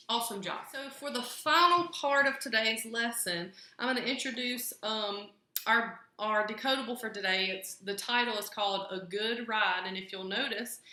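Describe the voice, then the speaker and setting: A young woman teaching a phonics lesson to small children, slowly sounding out each word. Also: on the high side, bright, forceful tone. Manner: slow, clear sounding-out of words. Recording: very echoey room.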